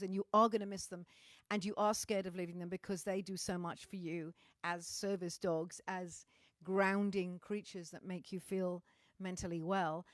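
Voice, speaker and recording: A woman's voice: mid-range voice, normal speed, no room sound, clean studio sound. A middle-aged woman with a Welsh accent, a musician chatting candidly to live viewers, swearing freely and often restarting her sentences. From Wales. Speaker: musician hosting a livestream. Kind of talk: casual chat to live viewers.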